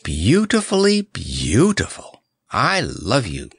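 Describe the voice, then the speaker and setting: A man's voice: fairly high pitch, huge pitch swings, measured pace, creaky, a bit bright, pitched above the performer's own voice, exaggerated voice. A man voicing a strange, lovestruck pink-feathered bird creature that talks in sighing, chirpy tones. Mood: chirpy, adoring.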